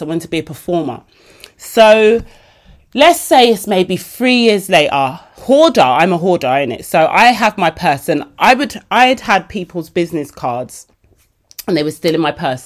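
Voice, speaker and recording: Animated woman telling a story. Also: fairly low pitch. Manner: animated and chatty, acting out dialogue. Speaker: podcast host. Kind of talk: casual storytelling monologue.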